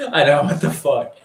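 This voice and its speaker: A man's voice: on the high side, gravelly, fairly bright tone, a little hiss or hum. A young man casually telling a story from his school days, rambling and swearing with lots of fillers. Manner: rambling, profane, filler-heavy. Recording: echoey room.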